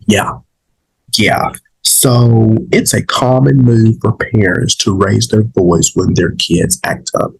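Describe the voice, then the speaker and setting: Slightly sick and saving his voice, a vlog host talks casually to viewers, sharing opinions in a rambling way full of fillers and restarts. His mid-range voice has vocal fry and a slight roughness, and the recording quality is low.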